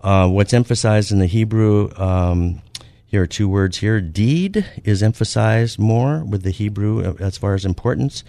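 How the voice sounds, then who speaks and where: A man hosting a show, explaining ideas point by point in a measured way, stressing key words, with frequent ums and uhs. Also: lowish voice, lively intonation, warm tone, no echo. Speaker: radio show host and author. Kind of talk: teaching talk comparing ideas point by point.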